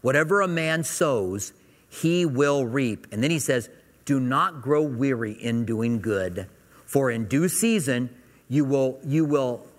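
A man gives a sermon in a relaxed, folksy manner, talking the Bible through like a chat with his congregation. His voice sits at an ordinary middle pitch. The sound carries a long reverb from a large church hall. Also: slow. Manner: conversational, folksy Bible teaching. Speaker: pastor.

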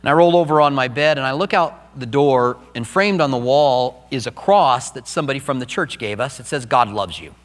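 A man's voice: mid-range voice, brisk, few pauses, in a large hall. A middle-aged man preaching a sermon as pastor, earnest and personal as he tells his own story.

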